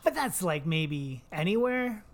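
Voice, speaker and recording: A man's voice: a little high, very animated, unhurried. Rambling, jokey male podcast co-host. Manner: rambling, jokey, trails off mid-sentence. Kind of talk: casual chat.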